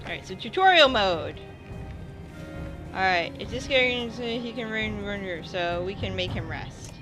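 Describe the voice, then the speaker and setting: Over music, a woman with a medium-pitched, expressive voice plays a video game at a slightly slow pace. She's a let's play gamer who casually reads the dialogue aloud, mostly without character voices, swearing occasionally and commenting on the game as she goes.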